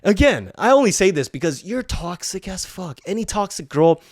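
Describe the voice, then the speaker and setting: A man's voice: sits high, big pitch swings, normal speed, no room sound, clean studio sound. A man hosting a podcast, telling a story in a blunt, profane, heated rant. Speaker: podcast host. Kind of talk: ranting storytelling.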